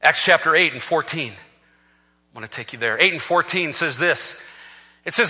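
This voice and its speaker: Husky, bright-voiced preacher man in a hall. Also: fairly high pitch, sing-song, normal speed. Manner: impassioned, swings from hushed to shouting. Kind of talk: sermon. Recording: long reverb of a large hall.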